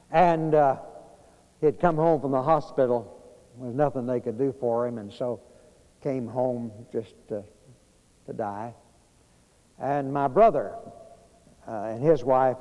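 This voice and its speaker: A man preaches a storytelling sermon, folksy and unhurried, with many pauses and fillers. His voice is dark and mellow. A long church-hall reverb trails after each phrase. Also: mid-range voice, lo-fi sound. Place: church sanctuary.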